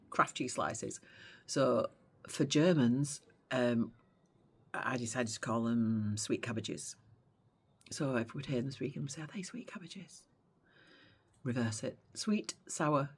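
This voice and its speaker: A woman's voice: very deep voice, breathy edge. A middle-aged woman vlogging in a casual chat, talking in a chatty, sarcastic way and often going off on tangents.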